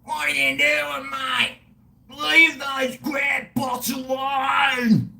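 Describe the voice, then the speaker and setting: A man putting on an angry local man on a boat who shouts and scolds. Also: very high-pitched, flat delivery, extremely slow, gravelly, pitched above the performer's own voice, heavily acted. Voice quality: loud, scolding.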